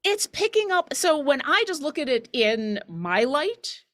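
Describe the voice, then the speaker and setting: Brief: woman co-host, animated pitch, eager learner, rambles, asks questions. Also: measured pace. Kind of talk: casual chat on a live stream.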